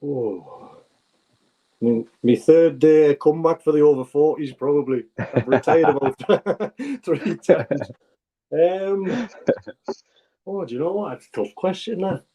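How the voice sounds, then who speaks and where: A man's voice: on the high side, measured pace, warm tone. A man in his forties with a North East English accent, a former footballer telling rambling stories as an interview guest. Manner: rambling anecdotal storyteller, many restarts. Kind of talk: casual interview chat.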